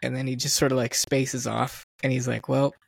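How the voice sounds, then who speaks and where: A man talks through a movie with his co-host in loose, casual chat, full of fillers and easy laughter. His voice has a gravelly edge. The sound is dry and close, with no room around it. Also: mid-range voice, little pitch movement, brisk, no room sound. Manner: chatty, laughs often, many "like" fillers. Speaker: podcast co-host. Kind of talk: casual film podcast chat.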